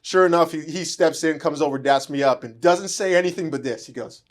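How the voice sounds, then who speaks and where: Fast-talking animated male storyteller. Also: a little high. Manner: animated, laughing, acts out dialogue. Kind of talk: casual storytelling in conversation.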